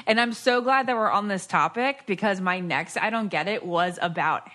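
A woman's voice: mid-range voice, normal speed, hardly any pauses, a bit bright. A woman co-hosting a podcast, telling a story in casual chat. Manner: storytelling, quoting others. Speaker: podcast co-host.

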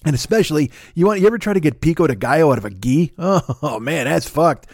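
Middle-aged male podcast host, Chicago accent, salty and animated storyteller, higher pitch, dry close sound. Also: a little fast, gravelly, dry recording. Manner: animated, swearing, laughing storyteller. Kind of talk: profane casual storytelling.

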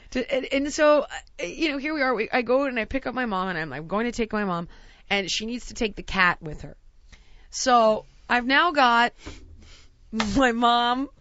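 Animated self-mocking woman in her forties. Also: on the high side, dry recording, lo-fi sound. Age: 40s. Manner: animated, self-mocking, acts out quoted people. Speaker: guest telling a story. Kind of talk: comedic storytelling.

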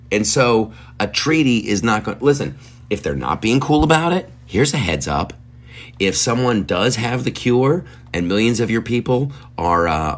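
A man hosting a comedy podcast, ranting in a profane, incredulous way with stumbling restarts. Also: fairly low pitch. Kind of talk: rambling comedic rant.

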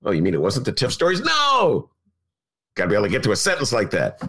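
A man's voice: on the low side, wildly swooping pitch, fast talker, a bit bright, breathy edge. A man hosting a talk radio show, delivering an opinionated monologue with sarcasm and frequent laughter.

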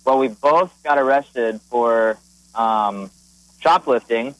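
A young man phones in to a radio show and tells his story at a wandering, halting pace, full of fillers. His voice is plain and middle-pitched, heard close and dry. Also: a bit bright, dry recording, low-quality recording. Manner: rambling, hesitant with many fillers. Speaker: caller.

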